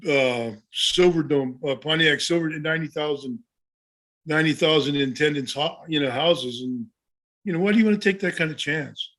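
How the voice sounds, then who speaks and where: A man's voice: fairly high pitch, normal speed, fairly bright tone. A man in his seventies, a former wrestler co-hosting a podcast, telling stories in a rambling way with many restarts. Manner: rambling, full of restarts and "you know". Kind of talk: casual storytelling chat.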